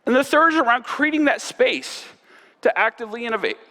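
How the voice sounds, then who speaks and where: A man's voice: extremely high pitch, big pitch swings, brisk, sharp tone. A man giving a university keynote talk at a conference, earnest and often tagging his points with "right?". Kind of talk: keynote presentation. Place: large conference hall. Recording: long hall reverb.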